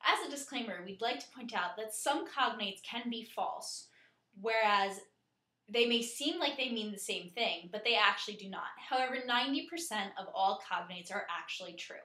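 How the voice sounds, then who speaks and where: A woman narrating a scripted lesson in a clear, steady way, slowing down to spell out and pronounce words. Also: mid-range voice, echoey room. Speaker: teacher.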